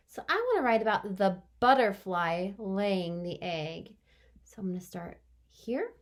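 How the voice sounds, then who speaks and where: A young woman teaching young children, sounding out long words slowly in a cheerful, praising sing-song way. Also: medium pitch, expressive. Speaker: kindergarten teacher. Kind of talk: remote lesson for young children.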